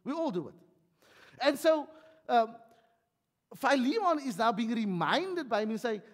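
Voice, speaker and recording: Animated South African preacher, high voice. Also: male voice, unhurried, pauses often. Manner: animated, conversational preaching with humor. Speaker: pastor. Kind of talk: sermon. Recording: long hall reverb.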